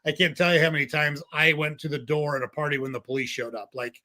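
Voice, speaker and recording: Blunt, animated man telling stories. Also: on the high side, quick pace, hardly any pauses. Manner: blunt, profane, animated storyteller. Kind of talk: casual conversational storytelling.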